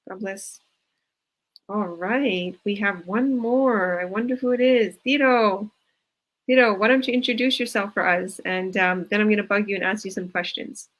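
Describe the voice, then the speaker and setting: A woman's voice: medium pitch, moderate pace, fairly bright tone, low-quality recording. Effusive woman hosting a group call. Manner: effusive, religious praise. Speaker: host.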